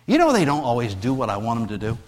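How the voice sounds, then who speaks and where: A fast-talking middle-aged pastor with a medium-pitched voice and huge pitch swings preaches against a long reverb tail. Words get repeated and phrases restarted as he moves between hushed, gentle passages and raised, emphatic scripture.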